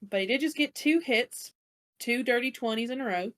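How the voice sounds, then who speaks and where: A woman's voice: on the high side, moderate pace, a bit bright. A woman narrating as game master of a tabletop game, calling rolls and describing the enemies' turns.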